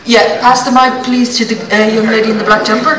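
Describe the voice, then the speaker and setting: Woman moderating a debate, brisk and directive; distant voice in an echoey room with the audience audible around her. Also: a little high, flat delivery, crowd noise. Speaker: debate chair.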